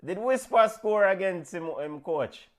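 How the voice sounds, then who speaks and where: An upbeat Jamaican host keeping a sports chat moving along with quick questions. His voice is somewhat high for a man. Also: lively intonation. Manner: upbeat, steers the talk.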